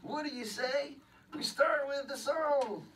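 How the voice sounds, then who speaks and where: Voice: high-pitched, slow, a bit bright, slight background noise. A children's show host telling a storybook tale to kids, playful and exclaiming, talking straight to the boys and girls. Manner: playful, exclaiming, sings, addresses kids directly. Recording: distant mic with clear music.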